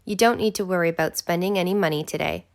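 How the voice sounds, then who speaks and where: A woman voicing a calm, stern but kind grown man in an audiobook, speaking low and firm. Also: quick pace, gravelly. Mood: stern, gentle. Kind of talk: audiobook character voice.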